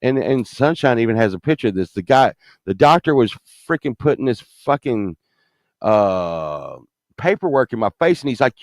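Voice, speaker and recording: A man's voice: mid-range voice, big pitch swings, moderate pace, no echo. A man in his fifties telling a story in a casual, profane, rambling way, swinging from mumbling asides to indignant rants. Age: 50s.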